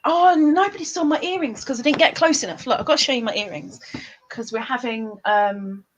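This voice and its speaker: A woman's voice: high voice, a little fast. A woman hosting a casual livestream chat, giggly and chatty, often laughing. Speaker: livestream host.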